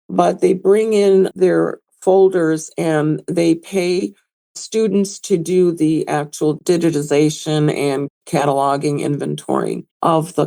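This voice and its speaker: A woman's voice: low-pitched, vocal fry, mellow. A middle-aged woman, a museum executive director, talking at length in a podcast interview and telling anecdotes. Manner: conversational, explains at length with anecdotes.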